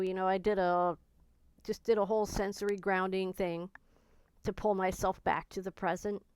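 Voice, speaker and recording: A woman's voice: mid-range voice, clean tone, no room sound, poor audio. A woman talking candidly and earnestly in a personal vlog, reflecting on her own reactions and on learning to be patient with herself. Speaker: vlogger.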